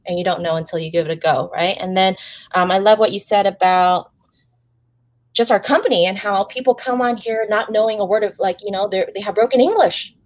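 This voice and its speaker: A woman's voice: medium pitch, fairly quick. A woman hosting an interview show, talking with effusive, gushing enthusiasm and calling the audience "guys.". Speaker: host.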